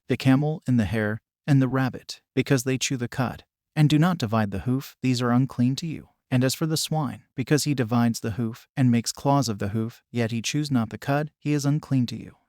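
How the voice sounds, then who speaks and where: A man reading scripture aloud as an audiobook, in a steady, measured way. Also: mid-range voice, no echo, clean studio sound. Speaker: scripture reader.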